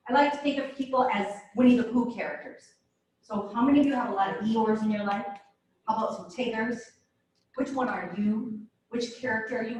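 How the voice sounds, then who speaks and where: Middle-aged woman, motivational speaker, fairly high voice, distant mic in a very echoey room. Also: a little hiss or hum. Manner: asks the audience many questions. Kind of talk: motivational talk to an audience. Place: room with a live audience. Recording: roomy echo from far off.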